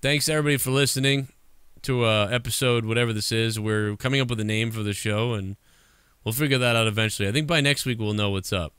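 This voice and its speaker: A man's voice: mid-range voice, fairly even intonation, fast, fairly bright tone, smooth, dry recording. A man co-hosting a podcast, joking around with crude banter. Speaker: podcast co-host. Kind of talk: casual chat.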